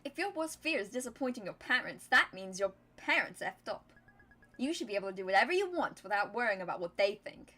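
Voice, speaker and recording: A woman voicing a tough, brash teenage girl who talks in an exaggerated American accent, loud, bossy and defiant. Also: mid-range voice, sing-song, brisk. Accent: hyper-American put-on.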